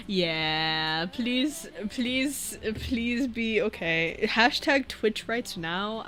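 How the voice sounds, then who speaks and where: A woman streaming as a VTuber, chatting casually and reading viewer messages, rambling and breaking into loud laughs. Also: medium pitch.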